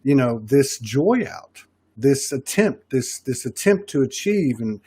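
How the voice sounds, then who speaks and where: A man's voice: medium pitch, very animated, measured pace, warm tone, husky, no echo. Rambling Southern man, dry sound. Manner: rambling, many restarts. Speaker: podcast host. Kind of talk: casual chat.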